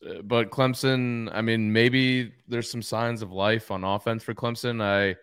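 A man hosting a college football podcast, speaking in a measured way and steering the conversation with questions. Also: lowish voice, a bit bright, clean tone. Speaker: podcast host. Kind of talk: casual sports chat.

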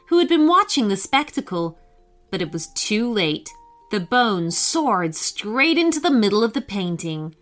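A woman tells a children's story in a bright, fairly high voice. Her delivery rises and falls expressively, gentle and clear. Faint music runs behind her. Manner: gentle, expressive read-aloud. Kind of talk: scripted children's story narration.

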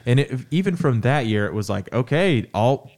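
A man's voice: mid-range voice, normal speed. A man co-hosting a casual sports podcast, chatting animatedly about basketball. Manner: animated, calls people "dude". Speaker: podcast co-host.

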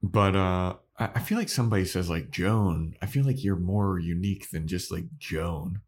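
A man co-hosting a podcast, chatting casually and acting out characters' lines in quick put-on voices. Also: low voice, a little mellow, slightly rough. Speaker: podcast co-host. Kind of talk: casual chat recapping an episode.

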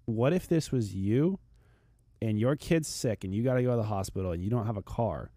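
A man's voice: fairly low pitch, expressive, fairly quick, warm tone, no echo, clean studio sound. A man speaking as a fitness expert on a podcast, earnest and motivational, often repeating words as he starts a thought. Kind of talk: podcast chat.

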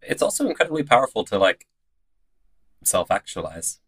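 A man's voice: fairly low pitch, sing-song, moderate pace, fairly bright tone, slightly rough. A man hosting an interview, chiming in agreeably with short affirmations and asking follow-up questions. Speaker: host, drag performer. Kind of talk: podcast interview.

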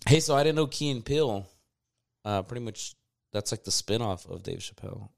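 A man in casual chat who tells stories with energy, acts out quotes loudly and swears freely. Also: fairly low pitch, lively intonation, brisk, creaky, slight background noise.

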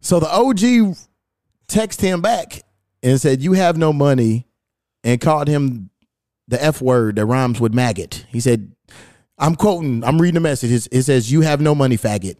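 In casual podcast chat, a man tells a story, swears freely, and reads out messages with amusement. He speaks at medium pitch with lively intonation, a moderate pace, and a mellow quality, recorded at studio quality with no room sound.

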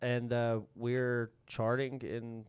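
A man's voice: mid-range voice, completely flat delivery, slow pace, smooth, dry recording. A man co-hosting a podcast, chatting casually and earnestly making his points. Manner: earnest, repeats points for agreement. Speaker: podcast co-host. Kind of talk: casual chat.

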